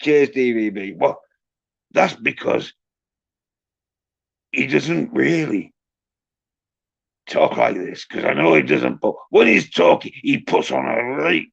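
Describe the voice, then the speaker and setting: A man's voice: mid-range voice, expressive, slow pace, gravelly, pauses often, breathy edge, dry recording. A man hosting a livestream, ranting crudely and mockingly while reading out the chat. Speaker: livestream host. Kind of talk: casual livestream rant. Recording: dull lo-fi stream audio.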